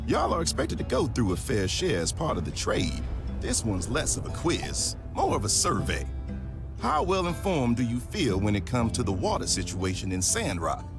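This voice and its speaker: An easygoing, courteous young peacekeeper from a video game, talking in a dry, laid-back way with a slight Southern US twang. His pitch rises and falls widely and freely. Game music plays clearly underneath his lines. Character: easygoing young male town peacekeeper, polite. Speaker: investigating officer in a game. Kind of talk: voiced game dialogue.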